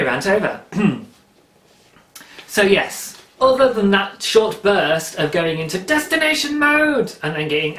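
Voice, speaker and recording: A man's voice: on the high side, a bit bright. Chatty English man in an echoey room. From England. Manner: rambling, chatty, self-interrupting. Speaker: podcast host. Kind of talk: casual chat.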